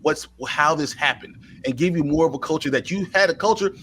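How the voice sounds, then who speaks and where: A man's voice: a little high, brisk, a bit bright, rough recording. Man, podcast co-host, thoughtful casual talk, laughs easily, faint noise behind. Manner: reflective, laughs often, repeats himself. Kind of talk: casual movie review chat.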